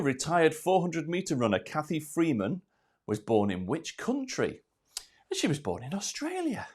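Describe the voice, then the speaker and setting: A man's voice: fairly high pitch, husky. A man hosting a live online quiz from home, out of breath, chatty and self-deprecating as he reads out questions and answers. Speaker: quiz host.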